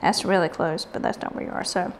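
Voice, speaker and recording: A woman's voice: brisk, a little hiss or hum. A woman with a Southern US accent hosting a casual craft video, chatty and rambling as she works. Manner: rambling, chatty and self-deprecating. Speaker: craft channel host. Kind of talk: casual craft tutorial chat.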